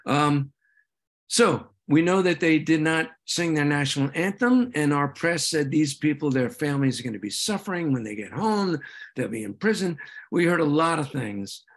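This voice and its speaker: A man giving an earnest, halting slide talk at a meeting, with many restarts and fillers. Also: on the high side, animated, creaky. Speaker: presenter at a veterans' group meeting.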